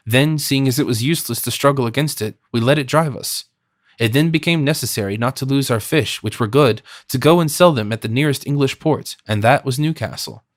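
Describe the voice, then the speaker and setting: A man's voice: medium pitch, dry recording, clean studio sound, close to an everyday voice. A man voicing a cunning, talkative fisherman in his fifties who speaks deferentially but slyly. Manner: chatty, wily and deferential.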